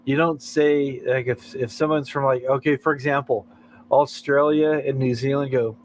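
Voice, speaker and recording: A man's voice: mid-range voice, fairly even intonation, moderate pace, slight background noise, low-quality recording. An American man hosting a late-night livestream, chatting in a rambling way and chuckling often between thoughts. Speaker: livestream host. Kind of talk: casual chat.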